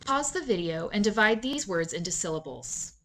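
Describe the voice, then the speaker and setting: A woman giving scripted instructional narration for a reading lesson, in a clear, measured, deliberate teaching delivery. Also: medium pitch, expressive, pushed and bright. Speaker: literacy instructor.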